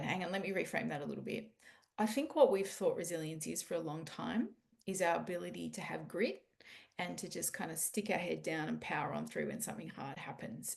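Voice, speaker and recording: A woman's voice: fairly low pitch, gravelly, darkish tone. A middle-aged woman, a parenting educator answering podcast questions in an earnest, explaining way.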